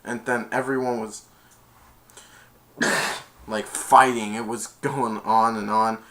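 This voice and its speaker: A man's voice: on the low side, little pitch movement, slow, a bit bright. A young man casually retelling a movie scene as a reviewer, rambling and stringing events together with "and then". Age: young adult.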